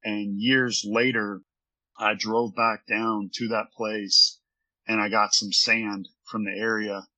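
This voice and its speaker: Husky-voiced man telling a story. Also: fairly low pitch, bright, forceful tone, poor audio. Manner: earnest, rambling anecdotes. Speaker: former baseball pitcher. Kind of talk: storytelling in an interview. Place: his office.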